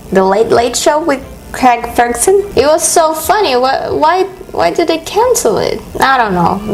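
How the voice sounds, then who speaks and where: A woman's voice: fairly high pitch, poor audio. A young woman from Brazil with a Brazilian Portuguese accent, a native Portuguese speaker, chatting to camera in a gushing, enthusiastic way. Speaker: vlogger. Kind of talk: casual chat to camera.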